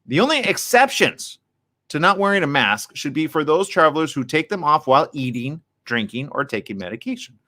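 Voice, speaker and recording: A man hosting a radio morning show, chatting casually with listeners and reading the news in a studio. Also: a little high. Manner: lively, chatty, quick asides.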